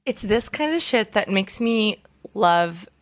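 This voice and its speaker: A woman's voice: mid-range voice, slow, no room sound. Podcast co-host, woman, gushing and chatty, recorded in a dry room. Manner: gushing, animated, swears casually. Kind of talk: casual chat.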